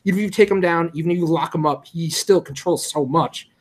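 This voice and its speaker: Podcast guy with a kinda high voice, goes on about a movie villain. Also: fast. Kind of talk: casual movie discussion.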